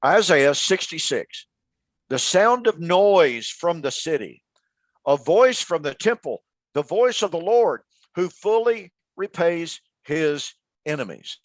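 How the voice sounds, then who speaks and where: A man's voice: on the high side, lively intonation, takes it slowly, dry recording. A man co-hosting a casual Bible study show, retelling history with emphatic, dramatic storytelling. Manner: emphatic storytelling, builds to loud dramatic quotes. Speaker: co-host of a Bible radio show.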